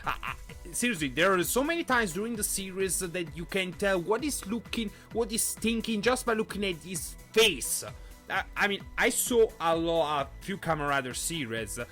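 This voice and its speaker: A young man hosting a live solo podcast, talking in an excitable way and often stumbling over and repeating his words. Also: high-pitched. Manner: animated, excitable. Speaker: podcast host.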